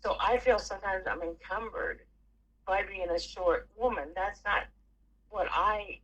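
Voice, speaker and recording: A middle-aged woman chatting casually with family, telling stories with lively swings and the odd curse. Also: mid-range voice, unhurried, highs cut off. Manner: animated storyteller who swears freely. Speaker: aunt.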